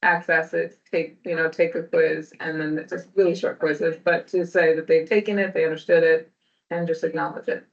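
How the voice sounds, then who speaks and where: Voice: mid-range voice, flat delivery, moderate pace, gravelly. A committee member at a town meeting, thinking aloud in a rambling way with restarts. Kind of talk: meeting discussion. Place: meeting room. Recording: muffled meeting recording.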